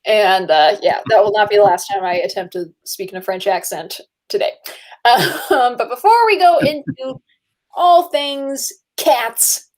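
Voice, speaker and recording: A woman's voice: mid-range voice, unhurried, darkish tone, poor audio. A woman hosting a casual chat about films, chatty and laughing often. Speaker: host.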